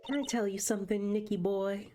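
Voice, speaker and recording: A woman voicing a flirtatious, sugary middle-aged woman with a sweet, drawn-out way of talking. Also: mid-range voice, flat delivery, music in the background, natural voice. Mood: doting menace.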